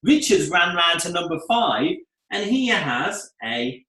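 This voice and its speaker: Animated man coaching a room. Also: sits high, takes it slowly. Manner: animated, acts out client and staff voices. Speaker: salon coach. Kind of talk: lively seminar teaching. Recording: echoey room.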